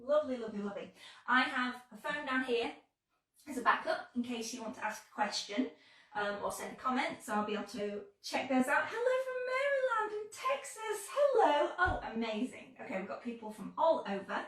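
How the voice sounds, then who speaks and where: A woman's voice: fairly high pitch, brisk. An English woman hosting a live-streamed sewing tutorial, chatty and upbeat, a little under the weather. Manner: chatty and upbeat, greets viewers warmly. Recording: echoey room, mic at a distance.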